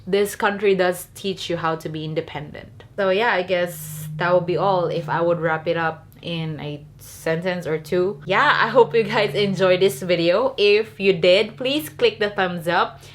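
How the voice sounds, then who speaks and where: A woman's voice: fairly low pitch, a little slow, few pauses, slight background noise. A young woman from the Philippines with a Filipino accent, telling a candid, chatty storytime vlog. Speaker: vlogger.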